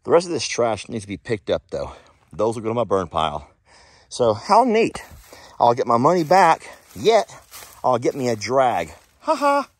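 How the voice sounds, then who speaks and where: A man, a ranch vlogger chatting folksily to the camera outdoors in a hot pasture, sometimes hushing and sometimes cooing at his animals. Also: mid-range voice, huge pitch swings, moderate pace, slightly rough, no room sound. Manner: chatty and folksy, shifts between loud and hushed, coos at animals. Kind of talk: casual vlog talk to camera.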